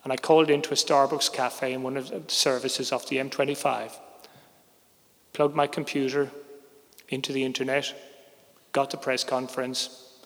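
Gravelly man telling a story on stage. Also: mid-range voice, level tone, moderate pace, pauses often. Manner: candid, wry, conversational storytelling. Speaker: journalist telling a personal story. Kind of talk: live personal storytelling on stage. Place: theater stage before an audience. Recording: reverberant live hall.

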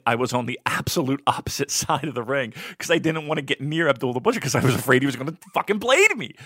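A man telling casual stories in a podcast chat, animated and swearing, often jumping into a high voice when he quotes people. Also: no room sound, clean studio sound.

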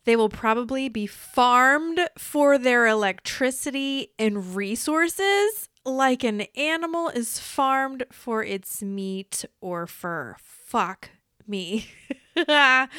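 A woman's voice: a little high, a bit bright, clear, resonant tone, dry recording, clean studio sound. A woman hosting a casual podcast, reading answers aloud and reacting with curses, laughs and mock alarm. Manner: bursts of quick talk. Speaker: podcast host.

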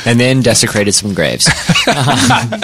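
A man's voice: medium pitch, wildly swooping pitch, slow, heavy background noise. A man co-hosting a casual comedy podcast, telling a listener's story and laughing often. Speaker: podcast co-host reading listener stories.

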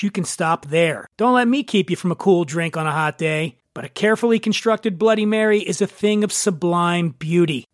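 A man's voice: sits high, dry recording, clean studio sound. A man hosting a short podcast episode, delivering a scripted monologue in a wry, playful and theatrical way. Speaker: podcast host.

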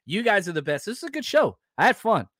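A man's voice: big pitch swings, fast, no room sound, clean studio sound. Fired-up man ranting on a podcast. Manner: heated, profane, swings between loud outbursts and low asides. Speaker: podcast host. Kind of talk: casual sports podcast rant.

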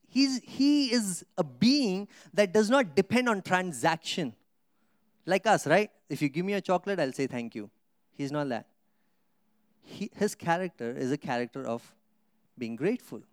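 Pastor preaching with soaring emphasis. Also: male voice, no room sound, studio quality. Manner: preaching with rhetorical questions to the congregation; swings from soft low asides to loud emphatic Scripture reading. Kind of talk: sermon.

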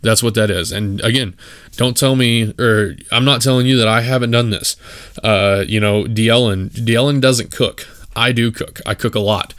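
Heard on clean, echo-free studio audio, the man has a medium-pitched, fairly bright voice and talks at a moderate pace. He's a West Texas podcast host giving blunt opinions in a casual solo show, with lots of fillers and false starts.

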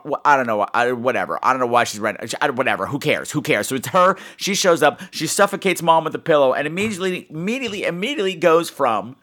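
A man's voice: fairly high pitch, animated, fast talker, hardly any pauses, sharp tone. A man giving a sarcastic, rambling comedic recap of a bad movie, acting out the characters' voices as he goes. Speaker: movie reviewer.

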